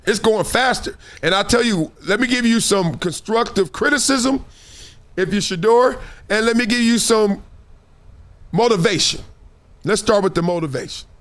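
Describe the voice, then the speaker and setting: A man hosting a sports talk show, talking in an animated, slangy monologue and acting out what other people say. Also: high voice, moderate pace.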